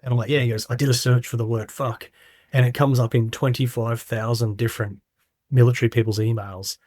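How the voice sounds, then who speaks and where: A man's voice: medium pitch, level tone, fairly quick, darkish tone, no echo, studio quality. A middle-aged man candidly recounting his story in a casual interview, acting out quoted voices as he goes. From Australia. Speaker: guest.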